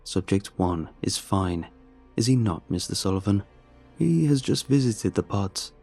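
A man's voice: fairly low pitch, lively intonation, a little slow, creaky, darkish tone, breathy edge, faint music behind, exaggerated voice. A man voicing a cold, authoritative male lead doctor in a horror story. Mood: composed.

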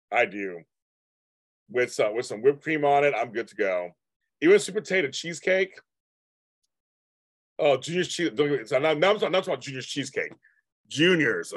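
A man's voice: mid-range voice, a bit bright, dry recording. A man in his fifties hosting a live stream, chatting casually and rambling as he answers comments from viewers. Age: 50s.

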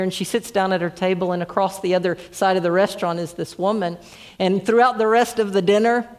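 A woman preaching a sermon, telling a story with repeated starting words and rising to emphatic peaks. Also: medium pitch.

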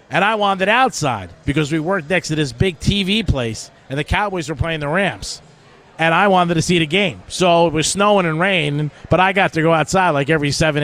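A man's voice: a little high, fairly bright tone. A middle-aged man hosting sports betting talk radio, chatty and joking as he tells stories. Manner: chatty storytelling with jokes.

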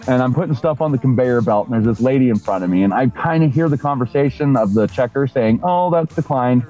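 A man casually telling a profane story on a podcast in a deadpan way. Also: medium pitch, fast talker, faint music behind, low-quality recording. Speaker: podcast co-host.

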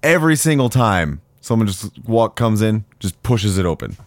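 A young man on a casual podcast who complains about strangers in a slow drawl. His voice sits fairly low but swings widely in pitch, and it sounds dry and close. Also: very animated, no echo. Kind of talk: casual chat.

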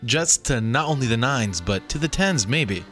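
A man's voice: mid-range voice, lively intonation, normal speed, a bit bright, soft background music. A man on a morning radio show, bantering and hamming up a fake French accent.

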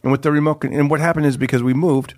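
A man's voice: a little high, fairly even intonation, rapid-fire, darkish tone, dry recording, studio quality. A man, a comedian guest on a podcast, chatting casually and rambling with many restarts. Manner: rambling, restarts mid-sentence while explaining. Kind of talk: casual chat.

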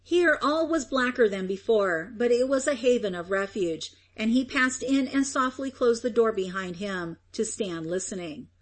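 A woman reading a story aloud as narrator, in a measured, expressive way. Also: a little high. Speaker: audiobook narrator. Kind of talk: scripted narration.

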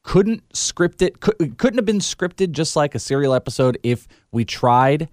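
A man's voice: fairly high pitch, lively intonation, a little slow, a little mellow, no echo. Joking male podcast host, dry sound. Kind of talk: casual chat.

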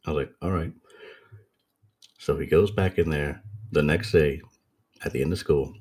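A man casually retelling a story to friends in a relaxed, rambling way with lots of filler words. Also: a bass voice, moderate pace, breathy edge.

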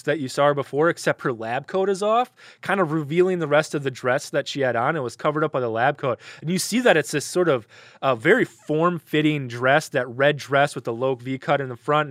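A man's voice: fairly high pitch, fairly bright tone, dry recording. Rambling male game master, dry sound. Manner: loose and rambling, full of fillers like "kinda". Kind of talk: narrating a tabletop game.

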